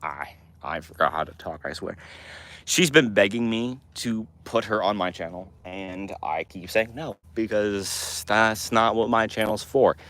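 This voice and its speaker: Teen male streamer, low-ish voice, loose and rambling while reading chat. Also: unhurried, a bit bright. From Montana, US. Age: teens. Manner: rambling, with restarts and fillers. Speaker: livestream host answering chat. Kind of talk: casual livestream chat.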